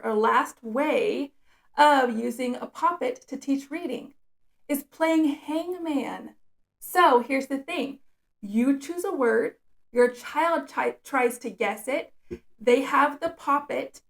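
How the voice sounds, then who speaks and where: Gravelly-voiced woman teaching reading tips. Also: high voice. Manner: patient, explains step by step with examples. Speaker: special education teacher. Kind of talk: instructional video tutorial.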